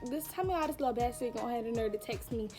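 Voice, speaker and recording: A young woman with a high voice tells a story to her camera in a loose, chatty vlog style. She is animated and pokes fun at herself as she talks straight to her viewers. Faint music plays behind her. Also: racing. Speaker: vlogger. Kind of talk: casual storytime chat to camera.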